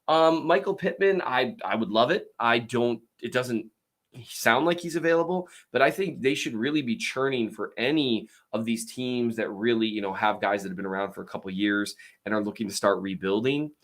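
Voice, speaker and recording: A man hosting a show, answering viewer questions in a rambling casual chat with many fillers and restarts. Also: medium pitch. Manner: tries to talk louder and slower.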